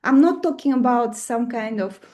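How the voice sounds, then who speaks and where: A woman's voice: a little high, expressive, normal speed, darkish tone. A woman with a Russian accent teaching an online astrology class. She talks in a chatty way and keeps asking the class questions.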